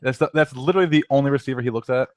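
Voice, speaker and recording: A man's voice: medium pitch, rapid-fire, a little hiss or hum. A young man co-hosting a casual sports talk show, often stammering and repeating words. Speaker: co-host.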